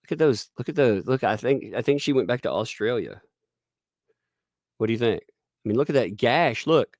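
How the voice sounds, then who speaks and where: A man's voice: mid-range voice, lively intonation, moderate pace, darkish tone, no room sound, clean studio sound. A man giving rambling, sarcastic live-stream commentary, joking and laughing as he talks. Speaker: livestream commentator.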